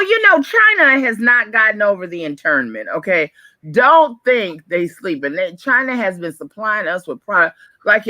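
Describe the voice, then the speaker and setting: Brief: woman morning-show co-host, crisp bright voice, outspoken and quick to laugh, dry close sound. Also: mid-range voice, no room sound. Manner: lively, opinionated, laughs often. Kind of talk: casual radio chat.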